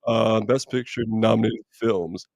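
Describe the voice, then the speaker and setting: A man with a deep voice hosting a live movie chat stream, talking casually and rambling with lots of fillers as he reads viewer comments. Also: a little slow, vocal fry, no room sound, poor audio. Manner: relaxed, rambling, many fillers and restarts. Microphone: streaming mic.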